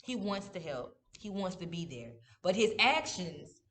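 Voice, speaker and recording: A woman's voice: on the low side, very animated, a little slow, fairly bright tone. A woman co-hosting a casual podcast chat, talking bluntly and expressively and swearing. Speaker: podcast co-host. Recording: echoey room.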